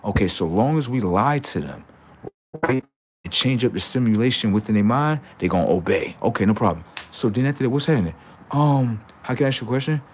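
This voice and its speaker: A man rants on a livestream in a profane, mocking way and laughs often. His voice sits at an ordinary middle pitch. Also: lively intonation, fairly quick, slight background noise. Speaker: streamer. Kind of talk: casual livestream rant.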